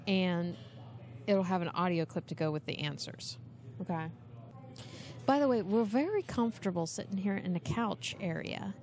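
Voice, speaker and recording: Sitting on a couch in a busy venue, a woman runs a movie quiz for her podcast, chatting casually and laughing easily. Her voice is lowish, a little mellow, and moves at a normal speed.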